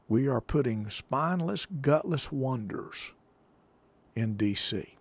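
Gravelly-voiced folksy talk-radio man. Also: medium pitch, very animated, unhurried. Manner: folksy, repetitive, emphatic. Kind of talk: political talk radio commentary.

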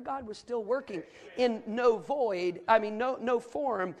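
A pastor from the northern United States preaching a sermon, building to loud climaxes and dropping to quiet asides. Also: male voice, very high voice, measured pace. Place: church sanctuary.

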